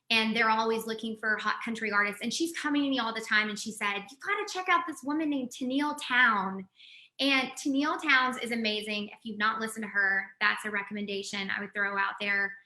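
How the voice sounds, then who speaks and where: A woman from West Texas in her forties, talking in a chatty, animated way as a guest on a video call interview. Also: fairly high pitch, reverberant. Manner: chatty, animated, laughs easily. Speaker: guest, communications executive.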